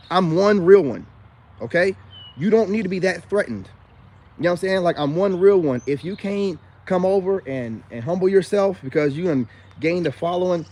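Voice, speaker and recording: A man's voice: a little high, a little mellow. A man ranting to camera outdoors, boastful and defiant, rambling with frequent filler asides. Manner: repeats filler asides often. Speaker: self-styled life coach vlogger. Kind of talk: unscripted rant to camera.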